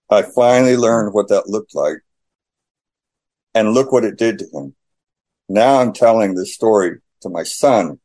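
Sharing his faith testimony in conversation, a fairly low-pitched man tells the story with animation, performing the dialogue himself.

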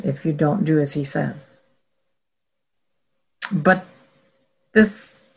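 A Bible teacher working through scripture in a careful, explanatory teaching talk. The speaker goes step by step, pausing to correct and rephrase mid-sentence. The voice sits at a middle pitch. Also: vocal fry, a bit bright, husky, rough recording. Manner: measured and explanatory, with frequent self-corrections.

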